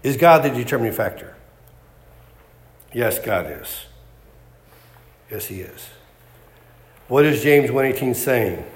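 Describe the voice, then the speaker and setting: A man's voice: mid-range voice, lively intonation, takes it slowly, long pauses. A man preaching a sermon, emphatic and repetitive, firing off rhetorical questions.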